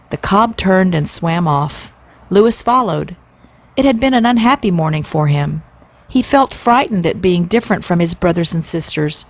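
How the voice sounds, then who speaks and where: A woman in her sixties reading a classic children's book aloud in a gentle, steady way. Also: on the low side, normal speed. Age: 60s. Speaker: storyteller, channel host.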